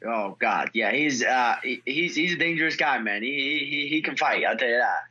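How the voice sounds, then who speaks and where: Excitable young man on a lo-fi line. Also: mid-range voice, normal speed. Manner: excitable storyteller, many fillers and restarts. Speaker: fighter, guest. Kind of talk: casual interview.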